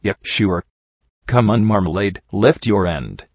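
A man's voice: lowish voice, animated, measured pace, no echo. A man reading a storybook, voicing an eager young female pony guard who sounds offhand. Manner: keen, offhand. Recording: dull dry recording.

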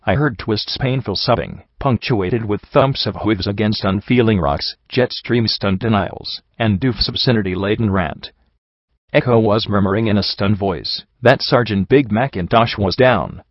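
Low-voiced man reading a dramatic story. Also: unhurried, no echo, highs cut off. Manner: earnest, emotional. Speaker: narrator.

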